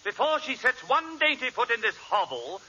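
A man's voice: very high voice, very animated, normal speed, sharp tone, breathy edge. An English man with a haughty, clipped manner, performing in a 1940s radio comedy. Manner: haughty, clipped butler talk. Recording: noisy lo-fi old radio broadcast.

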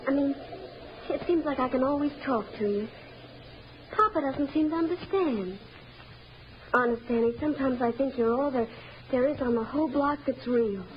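A woman plays a weary, gentle young woman in an old radio play, speaking softly and earnestly. Her voice is high, and the old recording is dull with a steady hiss. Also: moderate pace, pauses often, close to an everyday voice. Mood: tender. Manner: soft, earnest. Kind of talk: radio drama acting.

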